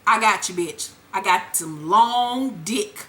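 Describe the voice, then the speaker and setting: A crude, leering man talks soft and low with a smug, unhurried ease, as a man puts him on. He sounds sure of himself and a little sleazy. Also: full character voice.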